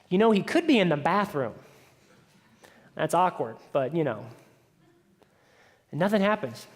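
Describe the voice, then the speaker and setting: A man preaching a sermon as pastor, telling the story in a conversational way and dropping into hushed asides. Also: a little high, very animated, measured pace, long pauses. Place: church sanctuary. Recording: church hall with long reverb.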